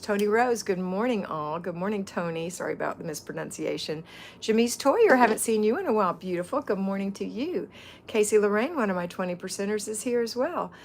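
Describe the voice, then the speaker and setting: A woman's voice: medium pitch, slight background noise. A middle-aged woman hosting a casual livestream, chatting and greeting viewers by name as a home-organizing mentor.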